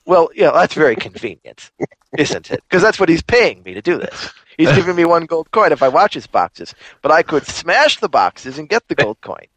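A man's voice: on the high side, very animated, brisk, fairly bright tone, dry recording. A man hosting a podcast, ranting animatedly in casual chat. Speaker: podcast host.

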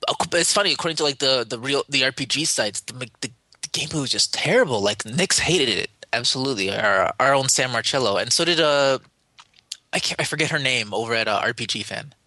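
A man with a very bright, forward voice chats loosely on a gaming podcast, circling back and restarting his sentences. The sound is close and dry. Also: medium pitch, expressive, fairly quick, no room sound. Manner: rambling, stumbles and restarts. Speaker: podcast co-host. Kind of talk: casual podcast chat.

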